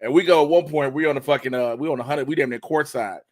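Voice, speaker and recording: A man co-hosting a comedy podcast, loudly and playfully teasing his co-host. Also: mid-range voice, fast talker. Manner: teasing, loud, playful ribbing. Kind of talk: casual comedic chat.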